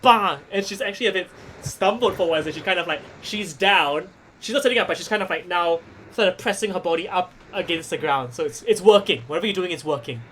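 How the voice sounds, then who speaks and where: Bright-voiced Singaporean game master. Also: male voice, high-pitched, slight background noise. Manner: brisk, explains rules with many fillers. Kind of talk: narrating a tabletop wrestling game.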